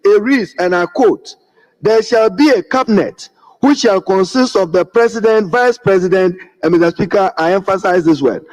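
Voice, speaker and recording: A man's voice: high voice, normal speed, darkish tone. A man with a Ghanaian English accent, a member of parliament giving an emphatic debate speech that keeps addressing the Speaker. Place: parliament chamber. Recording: dull lo-fi audio with long chamber reverb.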